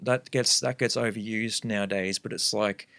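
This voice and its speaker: A man's voice: fairly low pitch, steady tone, moderate pace, fairly bright tone, no room sound. A young man talking as a guest MC on a casual podcast, earnest and rambling as he thinks aloud.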